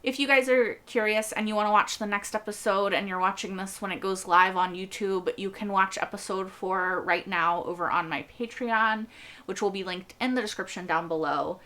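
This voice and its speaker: A woman's voice: medium pitch, normal speed, bright, forceful tone. A young woman hosting a TV reaction video, rambling earnestly in casual chat and laughing often.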